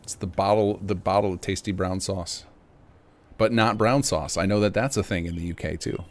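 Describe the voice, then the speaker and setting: A man's voice: low voice, moderate pace. An American man chatting casually to viewers on a live game stream, rambling in a chatty way. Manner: rambling, chatty, talks to chat.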